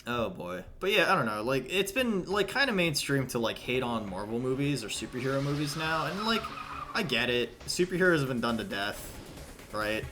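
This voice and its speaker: A man's voice: mid-range voice, very animated, moderate pace, bright, forceful tone, a little hiss or hum. Rambling, profane male streamer. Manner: rambling, profane, filler-heavy. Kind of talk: casual livestream chat. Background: game music.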